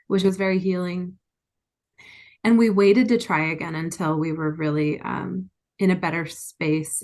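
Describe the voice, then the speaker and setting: Earnest woman, low-pitched, candid. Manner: earnest, open, emotionally frank. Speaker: interview guest. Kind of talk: candid personal storytelling.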